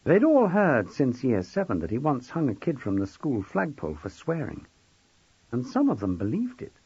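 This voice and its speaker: A man narrates an audiobook with wry, expressive delivery. His pitch rises and falls widely, and his voice has a husky edge. The recording is dry and somewhat dull. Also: moderate pace, no room sound. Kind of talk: scripted narration.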